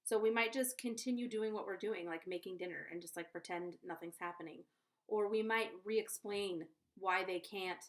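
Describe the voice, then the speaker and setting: A woman's voice: medium pitch, moderate pace. A woman giving parenting advice in a casual vlog, chatty and earnest, often checking in with the viewer. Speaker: conscious parenting coach.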